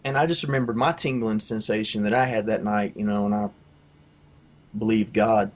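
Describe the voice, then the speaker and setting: A man sharing a faith testimony in casual talk, rambling with lots of fillers and his voice jumping high and loud at the exciting parts. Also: moderate pace. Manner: rambling storyteller, many fillers like "you know" and "like".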